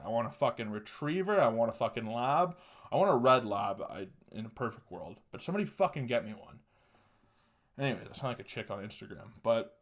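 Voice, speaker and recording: Joking, swearing young man telling stories. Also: mid-range voice. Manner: profane, joking, laughs mid-sentence. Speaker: podcast host. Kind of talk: casual solo podcast storytelling.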